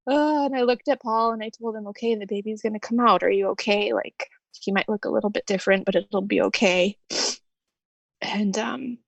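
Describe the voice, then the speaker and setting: A woman guest telling her own story in an emotional interview, tender, with soft laughter through tears. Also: mid-range voice, moderate pace, creaky, no echo.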